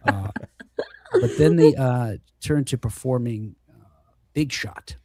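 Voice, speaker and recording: A man's voice: medium pitch, measured pace, dark tone, no room sound, studio quality. A middle-aged man hosting a casual live-streamed chat, talking with lots of fillers and restarts over a video call. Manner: chatty, with many fillers and restarts. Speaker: host.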